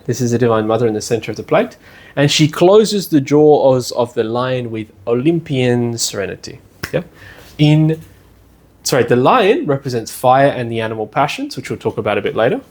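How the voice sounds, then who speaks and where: A man teaching a class at a study centre in a relaxed, conversational way, often checking in with the room with "yeah?" and "you know". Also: medium pitch, breathy edge. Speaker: lecturer at a spiritual study centre. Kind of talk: casual classroom lecture. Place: indoor classroom.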